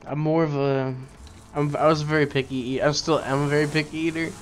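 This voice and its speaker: A man's voice: on the high side, flat delivery, fairly quick, a little hiss or hum. A man on a game stream chatting in an easygoing way, reacting to the chat and his co-host.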